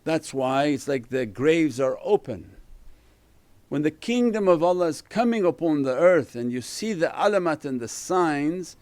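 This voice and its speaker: A man, a spiritual teacher giving an earnest religious talk and varying his loudness for emphasis. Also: fairly high pitch, lively intonation, a little slow, no echo.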